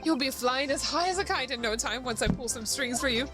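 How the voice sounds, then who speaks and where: Woman reading gruff male inspector, bossy, blustering, higher voice, video game, music behind. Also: fairly quick, close to an everyday voice. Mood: fawning. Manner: blustering, threatening. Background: background music.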